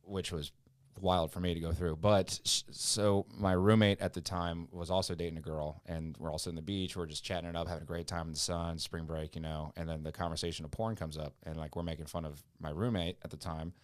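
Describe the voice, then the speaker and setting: Deep-voiced man telling a rambling story. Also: steady tone, a little fast, dry recording. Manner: rambling storyteller acting out quotes. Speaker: podcast guest. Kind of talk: casual podcast chat.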